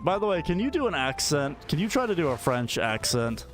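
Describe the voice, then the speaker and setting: A man's voice: fairly high pitch, big pitch swings, a little fast, few pauses, soft background music. A man streaming a game, chatting casually and joking with his viewers and an AI assistant. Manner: chatty, joking, talks to chat and an AI while playing. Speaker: gaming streamer. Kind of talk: casual livestream chat.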